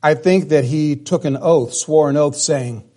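A man preaching a sermon, emphatic, sometimes dropping to a hush, and often restarting his words. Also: fairly high pitch, measured pace. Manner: emphatic, drops to a hush for dramatic lines.

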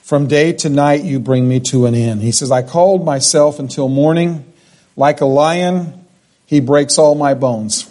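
A man's voice: fairly high pitch, unhurried, warm tone. A middle-aged man preaching a sermon, reading scripture aloud and explaining it verse by verse.

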